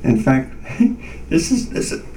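A man guest earnestly telling a personal faith story in conversation, animated and vivid. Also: medium pitch, takes it slowly, far from the mic, a little hiss or hum, rough recording.

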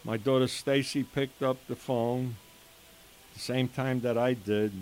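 An older man slowly telling his own emotional story as a father, in an earnest way with quoted dialogue. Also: mid-range voice, steady tone, darkish tone. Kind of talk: personal testimony storytelling. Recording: faint hiss behind the voice.

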